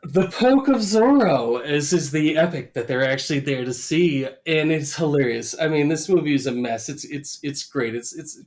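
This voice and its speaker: A man's voice: fairly high pitch, fairly even intonation, moderate pace, hardly any pauses, a little mellow. A man co-hosting a podcast, casually retelling scenes and acting out quoted lines with bursts of laughter. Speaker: podcast co-host. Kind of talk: casual chat recapping an episode.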